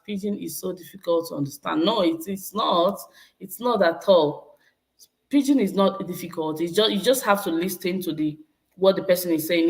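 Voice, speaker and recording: A Nigerian woman in her thirties chatting casually with viewers, laughing often and switching between English and Pidgin. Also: lowish voice. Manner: laughs often, slips into Pidgin, repeats herself. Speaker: vlogger reading live chat. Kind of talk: casual live-stream chat.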